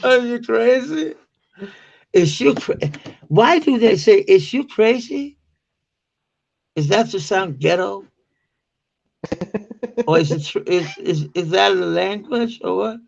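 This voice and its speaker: Man in his forties, Danish native speaker, live-stream chat, high gravelly voice, unhurried, laughs and curses, dull lo-fi audio. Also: lively intonation. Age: 40s. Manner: laughs often, swears, mocks slang with loud high put-on quotes.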